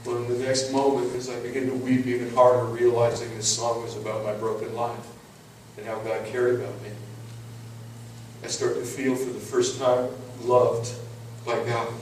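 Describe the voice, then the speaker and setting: A man's voice: mid-range voice, completely flat delivery, normal speed, a little hiss or hum. A middle-aged man giving an emphatic sermon testimony, telling his story and repeating words as he goes. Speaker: preacher. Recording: echoey hall, mic at a distance.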